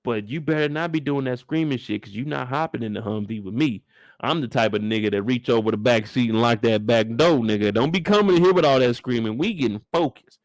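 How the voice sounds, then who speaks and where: A young man streaming a live recap of a TV episode, riffing in an animated, profane, comic way and acting out scenes. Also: medium pitch, fairly quick, no room sound, studio quality. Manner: acts out scenes in shouted bursts.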